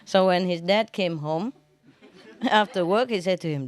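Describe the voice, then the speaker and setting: A woman's voice: on the low side, measured pace. A woman telling jokes to an audience, laughing often at her own punchlines, with non-standard English grammar.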